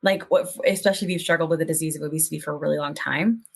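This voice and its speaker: Low-voiced earnest woman podcast host. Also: steady tone, very fast, creaky, slightly rough. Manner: earnest, hopeful, talks in run-on thoughts. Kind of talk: casual podcast chat.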